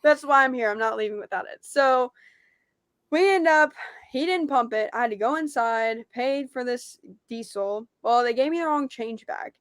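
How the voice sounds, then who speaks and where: Higher-voiced woman telling a story. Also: moderate pace, no echo, clean studio sound. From Tennessee. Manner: animated, laughing storyteller. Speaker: podcast guest, disc golf pro. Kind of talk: casual storytelling interview.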